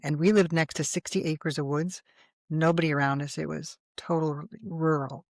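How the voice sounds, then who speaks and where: A woman guest in an interview, telling her personal story in a lively, animated way. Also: low-pitched, normal speed, dry recording.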